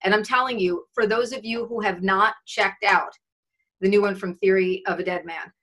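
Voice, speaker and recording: A woman's voice: mid-range voice, fairly even intonation, moderate pace, a bit bright. A woman radio host gushing affectionately in a casual interview over a video call.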